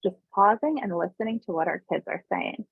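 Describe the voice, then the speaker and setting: A woman giving a parenting webinar in a calm, conversational way, with a gravelly voice full of vocal fry. Her voice is very husky and breathy. It comes over a tinny, dry, phone-like line. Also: medium pitch, fairly quick, no echo. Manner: conversational, often adds tag questions; calm explaining tone, briefly voices parents and kids. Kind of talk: informal online presentation.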